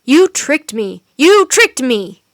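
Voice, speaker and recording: A woman voicing an ancient male ice wizard, grief-stricken and raging, who roars and shouts his lines in a storybook reading. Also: a little high, moderate pace, dry recording, studio quality. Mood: furious. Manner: roaring and shouting.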